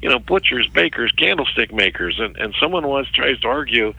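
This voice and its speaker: A middle-aged man with a very bright, forceful voice tells a long story as an interview guest. He talks haltingly and often stumbles over and repeats words. The sound is dry and close. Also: medium pitch, expressive, gravelly, husky, no room sound, low-quality recording. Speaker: interview guest, ministry worker.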